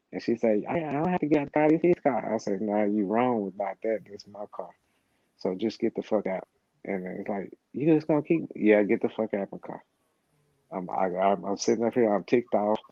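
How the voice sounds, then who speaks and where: A man's voice: lowish voice, mellow, dry recording. A middle-aged man telling a long story in casual, rambling talk, profane and full of repeated words and restarts. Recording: slightly dull, lo-fi sound.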